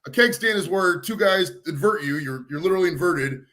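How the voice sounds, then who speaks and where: A man's voice: a little high, expressive, fairly quick, sharp tone. A middle-aged man from Ohio, chatting casually as a guest, laid-back and swearing freely. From Ohio, USA. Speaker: guest caller. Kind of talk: casual chat.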